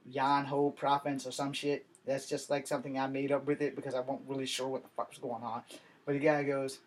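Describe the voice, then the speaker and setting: A man ranting to camera in a blunt, combative monologue full of swearing. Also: mid-range voice. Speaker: vlogger.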